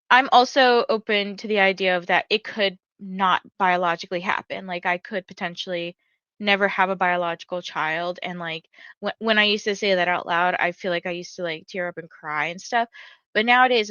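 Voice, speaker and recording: A woman in her thirties talks loosely and rambles as she hosts a livestream, reading viewer comments aloud. Her voice sits at a middle pitch. The sound is close and dry, with a slightly muffled, lo-fi edge. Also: sharp tone, no echo. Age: 30s. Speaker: livestream host. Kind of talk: casual livestream chat.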